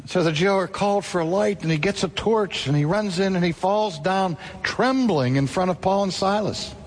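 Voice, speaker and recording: A man preaching a sermon, telling a story dramatically with sudden rises and drops in pitch. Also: normal speed, big-room sound.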